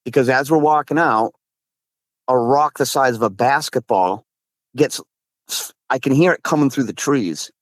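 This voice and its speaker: Excitable man telling a story. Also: mid-range voice, a little slow, no room sound. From Massachusetts. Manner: excitable, swears, says dude a lot, frequent restarts. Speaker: guest recounting encounters. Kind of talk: casual storytelling.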